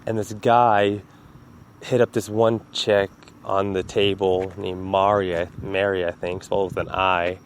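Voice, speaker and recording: A man's voice: deep voice, flat delivery, measured pace, slight background noise. A man hosting a casual solo podcast from home, telling rambling stories, swearing freely and laughing at them. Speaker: podcast host.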